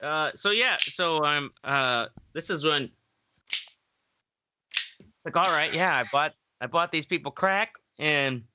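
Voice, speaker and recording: A man's voice: on the high side, takes it slowly, pauses often, background noise. A man telling a long rambling story in casual podcast chat, full of fillers and quoted voices.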